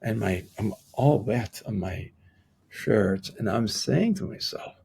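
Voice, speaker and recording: A middle-aged man, a podcast guest, telling a personal story in conversation. He speaks haltingly with frequent restarts and acts out the people he quotes. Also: lowish voice, animated, creaky, dark tone, slight background noise.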